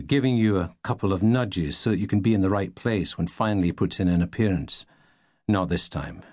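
A man reading a novel aloud in the first person, wry and deadpan. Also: sits low, no echo, studio quality. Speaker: audiobook narrator.

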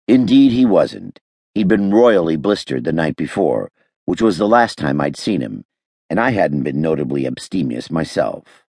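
A man with a very deep, gravelly, slightly husky voice narrating a detective novel in the first person. His delivery is wry and lively in pitch, recorded dry and close in a studio. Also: normal speed, no room sound. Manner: wry, dry-humored storytelling. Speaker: audiobook narrator.

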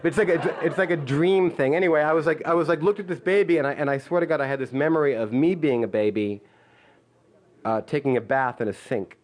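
A man's voice: a little high, fast talker. A man in his fifties holds the stage with a loose, rambling comic story. He restarts his sentences, leans on "like" and pokes fun at himself in a playful, easygoing way. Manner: rambling, stop-start and full of "like"; playful, self-mocking. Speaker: comedian. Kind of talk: live storytelling stand-up.

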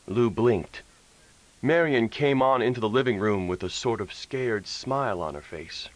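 A man narrating a western audiobook in an expressive storytelling manner, recorded on a close studio mic. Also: medium pitch, unhurried, poor audio. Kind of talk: scripted narration.

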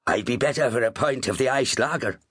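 A man's voice: mid-range voice, brisk, fairly bright tone, breathy edge, dry recording, studio quality, pitched above the performer's own voice. A man voicing a hearty Irish sea captain. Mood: easygoing. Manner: hearty, rambling, teasing. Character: jovial big Irish sea captain, middle-aged. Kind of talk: audiobook character voice.

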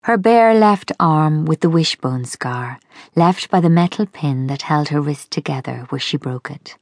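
A woman narrates an audiobook in a low, gravelly voice, soft and intimate, often sinking to a whisper. Her pace is slow and unhurried, and the recording is dry and close. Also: animated, no echo.

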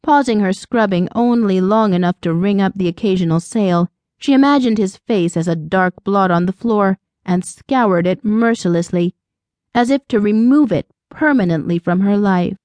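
A woman narrating a romance audiobook in a measured, even storytelling voice of middle pitch. The recording is close and dry, with no room sound. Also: dry recording.

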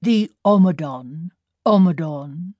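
A woman voicing a mocking master bullfrog in a storybook, with a deep, cracked, wheezy voice. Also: expressive, slow, warm tone, no room sound, studio quality.

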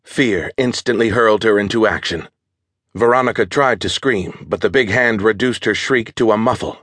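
Male audiobook narrator, steady and measured, lowish voice, dead-dry booth sound. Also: no echo. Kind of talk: scripted thriller narration.

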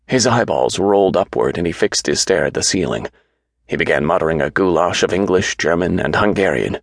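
A man narrating an audiobook in a measured, even storytelling manner, recorded on a close studio mic. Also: deep voice, creaky, no echo.

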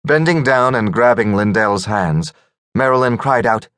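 A man narrating a fantasy audiobook in a measured, gentle storytelling manner. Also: mid-range voice, dry recording, clean studio sound. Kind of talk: scripted narration.

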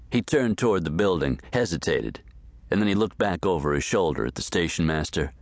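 A man reading a western novel aloud as audiobook narrator, steady and measured, close to the mic. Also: sits low, dry recording.

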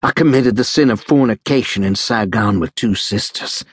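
A man's voice: mid-range voice, expressive, normal speed, vocal fry, a bit bright, breathy edge, dry recording, clean studio sound, pitched above the performer's own voice, exaggerated voice. A man voicing a badly wounded young soldier who pleads in pain, panicky and gasping. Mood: mumbled prayer.

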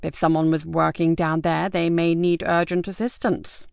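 A woman voicing a calm, wry male detective sergeant with dry, teasing understatement, in an audiobook. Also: lowish voice, normal speed, creaky, smooth, no room sound.

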